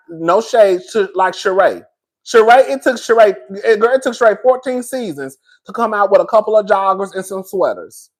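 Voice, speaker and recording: Sassy high-voiced male commentator. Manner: sassy, animated, addresses viewers as girl and baby; blunt, swears freely. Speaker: reality TV commentator. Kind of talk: casual opinionated review.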